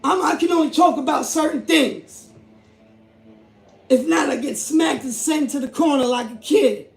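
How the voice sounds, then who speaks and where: A man with a high, gravelly voice delivers a heated commentary vlog. He hammers his points by repeating himself and raising his voice. The sound is roomy and echoing. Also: a little slow. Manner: emphatic, repetitive, rising to shouts. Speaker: YouTube host. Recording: echoey room.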